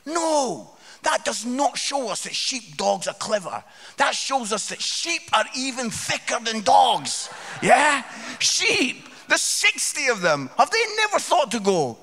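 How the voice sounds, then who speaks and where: A man in his fifties tells funny stories from the stage with an animated, exclaiming delivery. His voice sits high and swoops widely, with a gravelly edge. The sound carries a long reverb from a church hall. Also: slow. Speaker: guest speaker comedian. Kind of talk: comic storytelling sermon.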